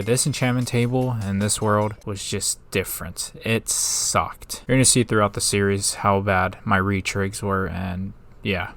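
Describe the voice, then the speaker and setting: Brief: man, lower register, gaming creator recapping a survival run, casual and upbeat, quick to yelp at danger. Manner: upbeat recap narration broken by excited outbursts. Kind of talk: casual gameplay narration with live reactions.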